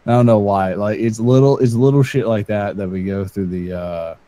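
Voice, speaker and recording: Rambling, deep-voiced young man. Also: steady tone, moderate pace, mellow, no room sound. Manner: rambling anecdotes, swears, laughs at himself. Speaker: livestream co-host. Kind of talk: casual livestream chat.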